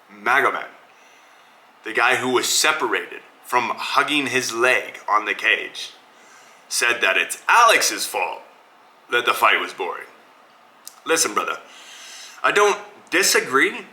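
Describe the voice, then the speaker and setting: A man's voice: medium pitch, bright, forceful tone, low-quality recording. A man hosting his own podcast, giving blunt, opinionated casual commentary and calling listeners brother. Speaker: podcast host. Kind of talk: casual solo commentary on fights.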